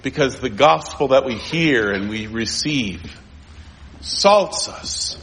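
A male pastor preaching a sermon, pressing rhetorical questions and swinging between urgent, raised lines and low, quiet ones. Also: animated, slow, a little hiss or hum.

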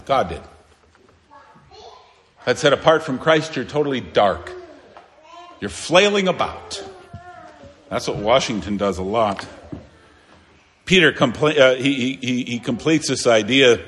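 A man preaching a sermon as a pastor, earnest and emphatic, swinging between raised declarations and quiet, low asides. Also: animated, measured pace, pauses often. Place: church sanctuary. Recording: long reverb of a church hall.

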